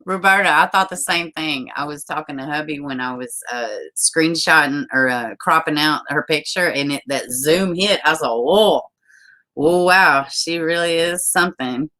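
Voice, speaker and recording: Low-pitched bright-toned woman streamer. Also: normal speed, few pauses. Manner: chatty, laughs often, reads viewer comments aloud. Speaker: livestream host. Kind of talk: casual live-stream chat and news reading.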